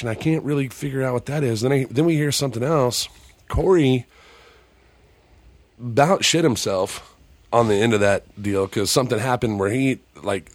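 A man, a paranormal investigator, telling a story as a podcast guest in a loose, profane, animated way, acting out what people said. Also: medium pitch, no room sound. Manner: profane, animated, acts out quoted dialogue.

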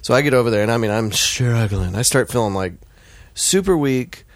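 An American man casually telling a story on a podcast, animated and profane, acting out the voices of the people in it. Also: mid-range voice, brisk, no room sound. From United States.

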